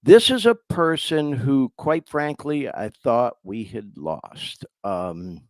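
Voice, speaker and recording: A man's voice: medium pitch, expressive, takes it slowly, no echo. A man hosting a podcast, talking casually and heartfelt, choking up as he speaks. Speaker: podcast host.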